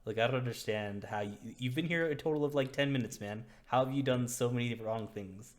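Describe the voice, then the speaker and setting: A man voicing a calm, kindly male cult leader in a tabletop game, speaking in an easygoing, reassuring way. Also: medium pitch, a little fast, close to an everyday voice. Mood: exasperated.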